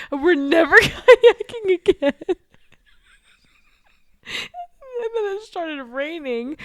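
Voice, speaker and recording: A young woman with a high voice chats casually as a podcast co-host. She tells stories with lots of energy, laughs often and swears freely. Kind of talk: casual chat.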